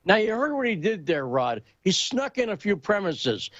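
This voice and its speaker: Brief: high-pitched male host, sarcastic and combative, muffled recording with music. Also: big pitch swings, moderate pace, fairly bright tone, no room sound. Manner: sarcastic, combative, rhetorical questions. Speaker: podcast host. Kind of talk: opinionated commentary chat.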